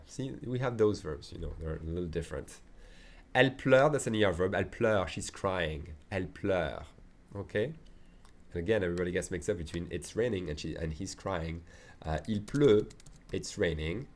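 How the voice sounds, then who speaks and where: A man teaching a French lesson, slowly modeling French phrases, adding chatty asides, and checking in with "okay?" after each point. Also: fairly low pitch. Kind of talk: online language lesson.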